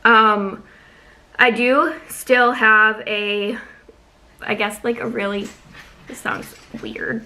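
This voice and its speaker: Bright-voiced young woman, breathy and chatty. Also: medium pitch, low-quality recording. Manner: chatty, fast-talking with many ums. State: slightly out of breath. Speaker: vlogger. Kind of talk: casual pregnancy update vlog. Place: at home.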